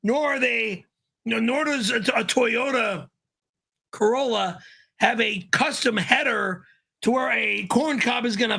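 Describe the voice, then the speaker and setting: A man doing a gravelly, high-pitched, cursing ranter. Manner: cursing, quick-tempered, flies into high-pitched yelling. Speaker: host of a live stream. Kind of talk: irate live-stream rant.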